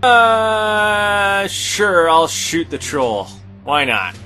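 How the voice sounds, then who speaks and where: A man's voice: a little high, expressive, moderate pace, bright, forceful tone, faint music behind. A man playing in a tabletop game, laid-back and casual, tossing in "like" and "man". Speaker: player. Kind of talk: tabletop role-play chat.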